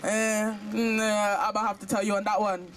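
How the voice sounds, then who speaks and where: A woman's voice: mid-range voice, level tone, normal speed, poor audio. A young woman giving an impassioned speech at an outdoor protest in the rain, firing off emphatic rhetorical questions. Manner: rhetorical questions, emphatic, sings a short verse. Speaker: protest speaker. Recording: outdoor recording with street noise.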